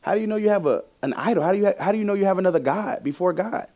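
A young man preaching a sermon with a personal testimony, animated, laughing often and shifting from loud to hushed. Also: sits high, rapid-fire.

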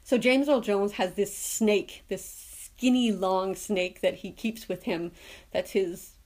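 Woman podcast host, casual solo chat, easy laugh, middle pitch. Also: steady tone, slow pace, darkish tone. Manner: chatty, laughs often while retelling scenes.

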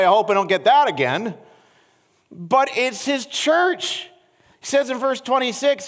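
Animated high-voiced pastor preaching. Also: male voice, in a large hall. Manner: animated, acts out quoted voices. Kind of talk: sermon. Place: church sanctuary.

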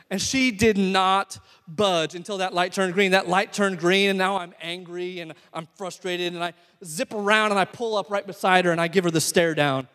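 A man's voice: high-pitched, fairly bright tone. A man preaching a sermon, conversational and joking, speaking in a church hall. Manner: conversational preaching with humorous asides. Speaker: pastor.

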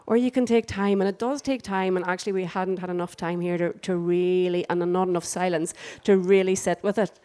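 Mellow-voiced woman leading group prayer. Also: fairly low pitch, fairly even intonation, brisk, few pauses. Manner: gentle, prompting, affirming. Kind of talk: guiding a group reflection.

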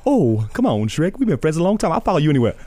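A man voicing an excitable, chatty male cartoon donkey in a high, yammering voice. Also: fast, no echo. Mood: pushy.

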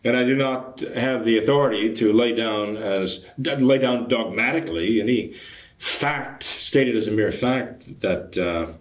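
The echo of the room carries the mid-range voice of an older man who serves as a traditionalist Catholic priest. Answering a viewer's question, he speaks in a measured, explanatory manner and hesitates frequently.

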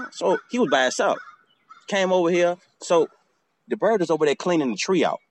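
A man's voice: high-pitched, lively intonation, fairly quick, slight background noise. A man hosting a podcast outdoors, telling a casual, swearing story and acting out the bird calls. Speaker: podcast host.

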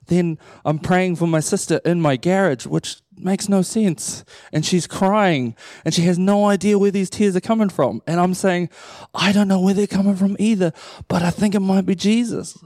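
A man's voice: high-pitched, normal speed, hardly any pauses, no echo, studio quality. A man in his thirties preaching a sermon into a microphone in church, telling stories with playful humor. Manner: animated storytelling with playful humor. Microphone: handheld or stage microphone.

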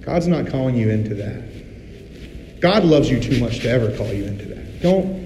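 Conversational pastor preaching in a roomy hall. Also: male voice, medium pitch, expressive, moderate pace, mellow, slight background noise. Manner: candid and conversational, acts out little voices. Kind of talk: sermon. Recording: roomy hall reverb, faint ambience.

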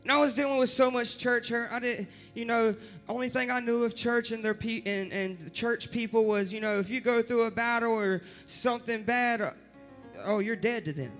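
A young man preaching his personal testimony in an earnest manner that builds to impassioned shouting. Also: very high voice, fairly even intonation, normal speed. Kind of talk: testimony sermon. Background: faint instrumental music.

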